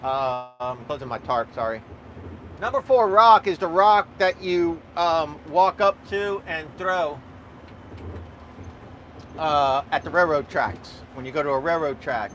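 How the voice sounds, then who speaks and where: A man chats in a rambling, joking way from the cab of his truck. His voice sits a touch high, and the talk wanders with fillers. A faint engine rumble runs under it all. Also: measured pace, a bit bright. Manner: rambling, jokey, easygoing, thinks aloud with fillers. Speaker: dump truck driver vlogger. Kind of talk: casual live vlog while driving. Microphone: small camera or phone mic in the cab.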